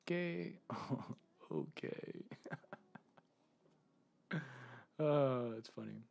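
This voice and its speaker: A male streamer chats loosely with his viewers, rambling and laughing often. His voice is gravelly and somewhat husky, at an ordinary pitch. He swears casually and restarts his sentences often. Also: normal speed, a little mellow. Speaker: streamer and 3D content creator. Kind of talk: casual live-stream chat.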